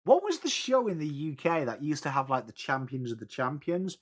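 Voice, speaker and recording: Here a young English watchalong host calls a live football game while chatting with his viewers, weaving in replies to the chat between play calls. His voice is fairly high and sing-song, and he speaks at a normal speed.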